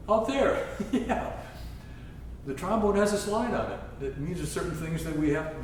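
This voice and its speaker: A man's voice: fairly high pitch, distant mic, a little hiss or hum. Man teaching in a very echoey hall. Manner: scat-sings musical phrases to demonstrate. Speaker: trombone teacher leading a masterclass. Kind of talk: masterclass teaching. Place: chapel used as a concert hall. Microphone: distant room mic.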